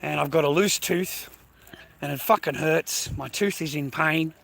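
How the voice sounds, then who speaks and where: A man livestreaming, ranting angrily at his viewers, swearing a lot and repeating himself, sometimes dropping to a low quiet menace. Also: a little slow, vocal fry. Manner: swears constantly, repeats phrases, berates viewers; drops low and quiet when threatening. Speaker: livestreamer talking to his chat. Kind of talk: angry rant to chat.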